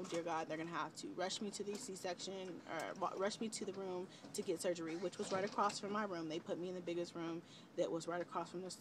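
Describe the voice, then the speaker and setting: A young woman talks straight to her camera, telling a personal story in a loose, chatty way. She leans on fillers and acts out what people said. Steady background noise sits under her home-video recording. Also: mid-range voice. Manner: chatty, relaxed retelling with many fillers and quoted dialogue. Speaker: vlogger, mother of twins. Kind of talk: casual storytelling.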